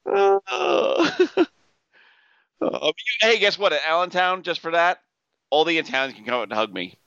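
A man's voice: a little high, very animated, measured pace, creaky, sharp tone, clear, resonant tone, no echo, highs cut off. A man co-hosting a podcast in casual, profane, laughing banter. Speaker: podcast co-host. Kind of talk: casual chat.

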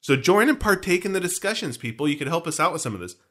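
Very animated and fast, this co-host's fairly high, slightly bright voice carries a casual podcast chat. He cracks jokes, rambles from point to point and keeps referencing pop culture.

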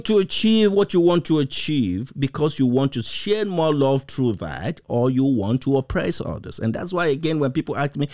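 A man's voice: on the high side, big pitch swings, brisk. A man preaching a sermon, stretching out key words and firing off rhetorical questions. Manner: emphatic, repetitive rhetorical questions, occasional laughs.

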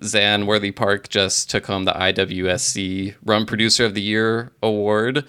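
A man in his thirties hosts a relaxed podcast conversation in a lowish voice. He talks casually and rambles a bit as he steers toward his questions. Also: moderate pace, clear, resonant tone. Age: 30s. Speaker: podcast host.

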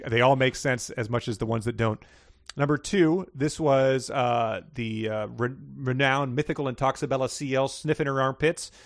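A man's voice: medium pitch, moderate pace, dry recording, clean studio sound. A man hosting a guessing game, reading passages aloud and going over answers in a playful, stumbling way. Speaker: game host.

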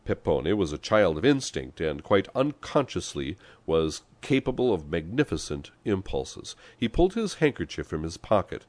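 A man reading a story aloud as an audiobook narrator, expressive storytelling. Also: low voice, moderate pace, few pauses, dry recording. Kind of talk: scripted narration.

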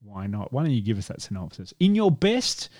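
A man's voice: lowish voice, fairly quick. A man hosting a casual film podcast, joking and laughing as he talks. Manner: animated, joking, trailing off into laughs. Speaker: podcast host. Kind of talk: casual chat.

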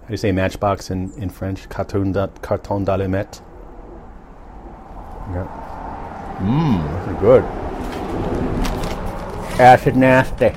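A man hosting a podcast, talking to himself in a relaxed, chatty, self-amused way. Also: deep voice, slow, long pauses, background noise. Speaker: podcast host. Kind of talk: casual rambling monologue.

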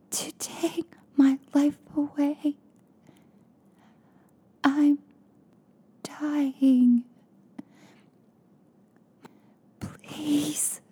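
A tiny, squeaking voice of a frightened, dying young woman, as a female narrator puts her on, breathed out in a whisper. It sits far above the reader's own pitch and sounds faint and fragile. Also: mellow.

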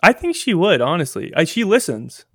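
Excitable man on a podcast, dry sound. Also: fairly high pitch, normal speed, no room sound. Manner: excitable, enthusiastic. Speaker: military chaplain. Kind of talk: casual podcast chat.

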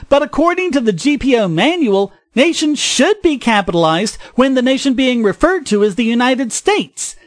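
A man's voice: extremely high pitch, dry recording, studio quality. A man hosting his podcast, delivering scripted opinion commentary in a sarcastic, ranting manner. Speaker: podcast host.

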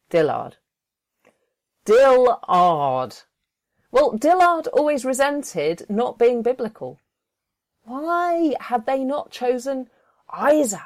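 A woman telling a folktale aloud with a vivid, expressive delivery. She takes her time, drawing each phrase out slowly and deliberately. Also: mid-range voice. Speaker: storyteller. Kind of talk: performed folktale narration.

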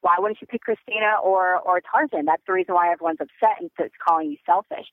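A young woman on a phone call as a podcast guest, talking in an excitable, rambling way with many fillers. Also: lowish voice, quick pace, no room sound. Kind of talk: phone interview. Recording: tinny phone line.

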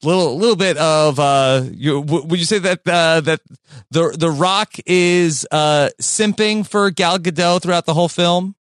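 A man's voice: a little high, no echo. A man with a slightly raised voice leads a casual chat, stopping and restarting with fillers. His voice is dry and close to the mic. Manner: halting, many fillers, chuckles often. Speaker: podcast host.

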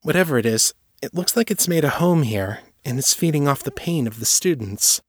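A man reading aloud and voicing a calm, firm young woman telepath who explains and reassures steadily. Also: fairly high pitch, normal speed, slightly rough, no echo, studio quality, pitched above the performer's own voice. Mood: explaining.

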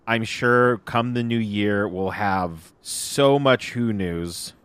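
A young man hosting a podcast in casual chat, relaxed and hesitant with fillers. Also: on the low side, slow pace, smooth, no echo. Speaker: podcast host.

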